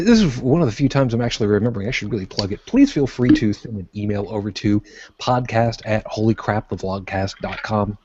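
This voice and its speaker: A man's voice: lowish voice, a little mellow, husky, dull audio. A man co-hosting a podcast in casual chat, self-deprecating and apologetic. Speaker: podcast co-host.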